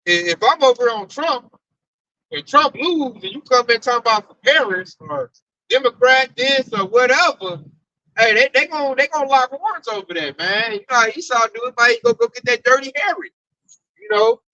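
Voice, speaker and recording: A man in a casual religious group discussion, telling animated stories and swearing freely. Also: very high voice, moderate pace, no echo. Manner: animated storyteller, mimics coworker, swears freely. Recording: dull dry recording.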